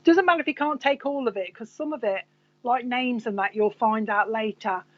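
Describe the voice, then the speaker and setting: A woman's voice: a little high, normal speed. Chatty Coventry woman on a lo-fi stream. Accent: Coventry English. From Coventry, England. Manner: chatty, rambling, talks to herself. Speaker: psychic medium host. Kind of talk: live-streamed reading and chat.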